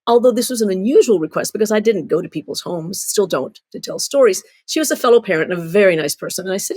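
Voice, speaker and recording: Husky, middle-aged storyteller from Cuba, animated, mid-range pitch, plays the voices. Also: female voice, fast, few pauses, no room sound. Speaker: children's author and storyteller. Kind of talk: storytelling interview.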